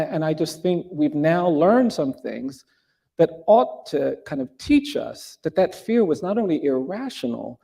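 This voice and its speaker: A man's voice: fairly high pitch, creaky, mellow, slightly rough. A middle-aged man telling a personal story in an earnest, reflective way, often restarting his sentences and rising for emphasis.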